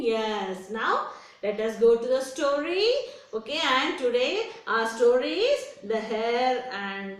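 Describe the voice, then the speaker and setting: A woman tells a children's story in a high, sing-song voice, unhurried and full of playful repetitions. She asks the children to answer along. The sound is distant and strongly echoey. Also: lively intonation, a bit bright. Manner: sing-song, repeats words, calls on children to join in. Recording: echoey room, voice from far off.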